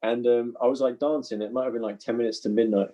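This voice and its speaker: A man's voice: mid-range voice, steady tone, fast talker, warm tone, muffled recording. A man, an actor guest on a podcast, telling laid-back anecdotes with chuckles. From London. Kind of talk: casual podcast storytelling.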